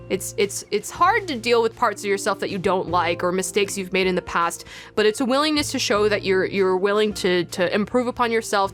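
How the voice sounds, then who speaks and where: A woman with a slight lisp hosting a let's play, chatting in an animated way and cracking goofy asides. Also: medium pitch. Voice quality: slight lisp from heavy de-essing. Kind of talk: casual gameplay commentary.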